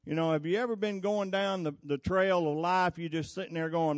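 A man's voice: on the high side, moderate pace, hardly any pauses, dry recording, studio quality. A man preaching a folksy, conversational sermon, telling stories and asking the congregation questions.

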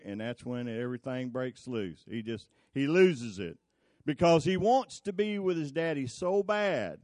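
A man's voice: medium pitch, normal speed, darkish tone, no room sound, studio quality. A man preaching a folksy, conversational sermon, telling stories and asking the congregation questions.

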